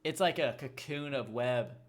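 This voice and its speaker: A man at a middle pitch who talks through a film's plot in a calm, matter-of-fact way. His delivery stays easygoing and conversational, as if answering a friend's questions. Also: a little slow. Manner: relaxed, matter-of-fact explainer. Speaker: podcast co-host. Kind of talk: casual movie discussion.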